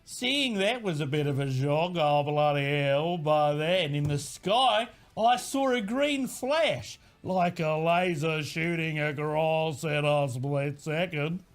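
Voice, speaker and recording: A man's voice: on the high side, animated, slow pace, few pauses. A man reading out a listener's spooky story as an Australian woman, in an exaggerated put-on Australian accent. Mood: storytelling.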